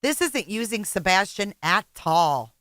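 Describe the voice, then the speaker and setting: Sarcastic, cursing woman with a bright, dry voice. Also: medium pitch, big pitch swings, measured pace, dry recording. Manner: sarcastic, blunt and profane. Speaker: commentary channel host. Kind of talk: reaction commentary.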